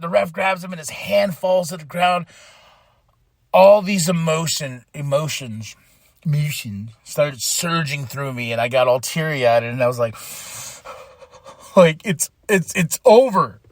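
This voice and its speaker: A man's voice: high-pitched, no room sound. A man hosting a podcast, recapping in a casual, emotional, rambling way with lots of restarts. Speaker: podcast host.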